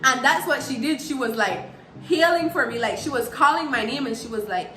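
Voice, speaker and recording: A young woman with a Belizean accent tells a vlog story with lively, emphatic delivery and frequent laughter. Her voice is bright and slightly high. The room is echoey, and soft music plays in the background. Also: a little fast, a little hiss or hum. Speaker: vlogger. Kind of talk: casual storytime.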